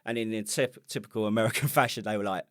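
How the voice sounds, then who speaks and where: British man, low voice, dry close sound, sweary laughing army stories, podcast co-host. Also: steady tone, quick pace, a bit bright, no room sound. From United Kingdom. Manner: sweary storytelling, laughing often. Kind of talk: casual chat.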